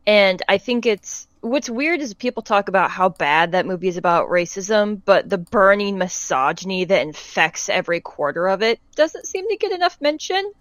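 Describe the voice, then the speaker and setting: Woman podcast co-host, animated chatty storyteller, dry sound. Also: mid-range voice, moderate pace, few pauses, no echo, lo-fi sound. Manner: animated storyteller, laughs mid-sentence. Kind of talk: casual chat.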